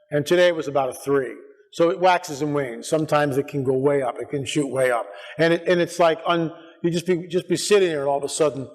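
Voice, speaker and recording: Conference speaker in a church, lively storyteller, higher voice, echoey hall. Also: male voice. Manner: animated, acts out quotes, restarts often. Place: church sanctuary.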